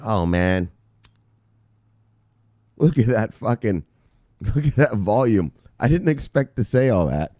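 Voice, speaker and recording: Male crypto host, mid-range voice, hyped preacher-style rant, very expressive, profane, dry close sound. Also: medium pitch, normal speed, no room sound. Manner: fired-up, preacher-like, swears constantly, repeats "look, look". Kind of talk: profane ranting commentary.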